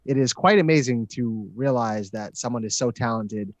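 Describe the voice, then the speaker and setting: A man co-hosting a casual livestream, chatty and quick to laugh. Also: mid-range voice, no room sound, lo-fi sound. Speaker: livestream co-host.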